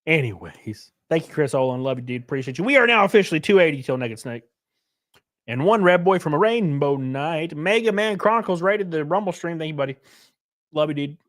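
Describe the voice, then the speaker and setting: A man in his thirties hosts a casual live stream, trading jokes and jabs with his chat. His voice sits a little high for a man, and his delivery is brash and offhand. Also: lively intonation, a little fast, a bit bright. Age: 30s. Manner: brash, joking, talks back to chat. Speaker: livestream host.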